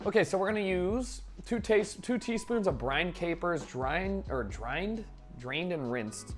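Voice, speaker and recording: A young man streaming himself cooking, chatting casually in a joking, profane, rambling way with sudden loud outbursts. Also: fairly high pitch, a little slow, soft background music. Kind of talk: casual live-stream chat while cooking.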